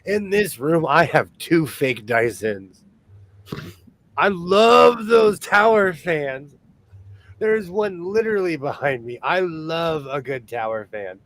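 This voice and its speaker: Male livestream host, casual and chatty, bit higher pitched, quick to laugh. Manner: chatty, animated, laughs often.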